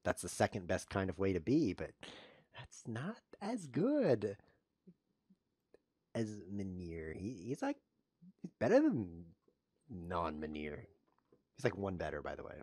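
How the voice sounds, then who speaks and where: Lively, self-mocking male chess streamer. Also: low voice, normal speed, breathy edge, no room sound. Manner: self-mocking deadpan jokes with sudden yelps over blunders. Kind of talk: live-stream commentary while playing.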